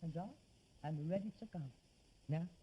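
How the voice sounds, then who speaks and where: A man's voice: high voice, unhurried, highs cut off, heavy background noise. An actor playing a frustrated, sardonic middle-aged rag-and-bone man, theatrical and self-pitying in a 1960s sitcom. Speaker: son in a sitcom. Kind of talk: 1960s studio sitcom acting.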